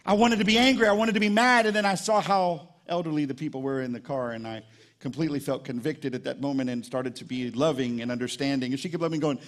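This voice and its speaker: Speaking quickly at a medium pitch, a man preaches to his congregation during a live church service. His sermon has a lively, storytelling feel, casual and conversational.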